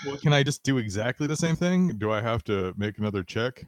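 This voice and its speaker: A man's voice: medium pitch, expressive, a little fast, dry recording. A man playing in a casual tabletop game, asking lots of questions about the rules. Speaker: player.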